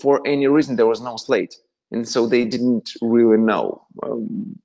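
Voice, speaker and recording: A man with a Russian accent, a guest telling animated anecdotes in a casual interview, with frequent fillers and laughter. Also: mid-range voice, measured pace, gravelly.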